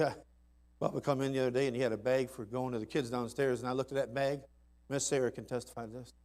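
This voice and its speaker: A man preaching a sermon in a folksy, emphatic way, dropping to soft asides and rising to loud climaxes. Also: mid-range voice. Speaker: pastor. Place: church sanctuary.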